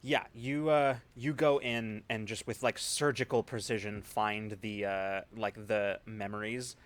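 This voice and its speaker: A man's voice: lowish voice, fairly even intonation, unhurried. A man running a tabletop game as game master, narrating scenes casually with plenty of fillers.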